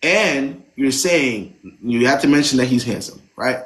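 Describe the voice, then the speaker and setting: A man's voice: medium pitch, measured pace, a bit bright. A man hosting a live stream, giving blunt relationship advice and driving his points home with "right?".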